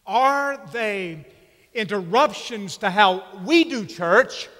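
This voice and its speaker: A man preaching a sermon with slow, emphatic delivery and dramatic pauses. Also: sits high, lively intonation, bright, forceful tone. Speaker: pastor. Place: church sanctuary. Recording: long reverb of a church hall.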